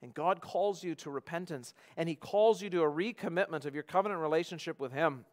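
A man preaching a sermon in an earnest tone, swinging between loud emphasis and quiet, hushed passages. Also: fairly high pitch, brisk. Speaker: pastor.

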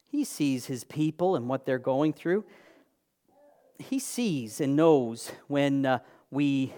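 Guy preaching, earnest, piles up phrases for emphasis. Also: on the high side. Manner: earnest, emphatic lists, rising for stress; occasional fillers and restarts, clears throat. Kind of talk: sermon.

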